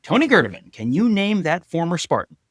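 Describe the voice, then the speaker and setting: A man co-hosting a sports podcast, telling stories with wry humor and quick mock voices. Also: a little high, very animated, dry recording, studio quality. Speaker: podcast co-host. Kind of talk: casual sports chat.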